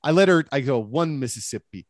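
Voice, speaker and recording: A man's voice: medium pitch, animated, a little fast, no room sound, clean studio sound. A man in his late thirties telling stories in a casual chat, in an easygoing way with many fillers. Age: late 30s. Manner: easygoing storyteller, lots of fillers. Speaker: podcast guest.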